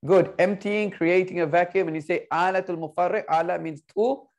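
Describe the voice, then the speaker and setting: Man, online arabic teacher, playful, coaxing, somewhat high-pitched, computer mic. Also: fairly even intonation. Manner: playful, coaxing students, slow repeated explanations.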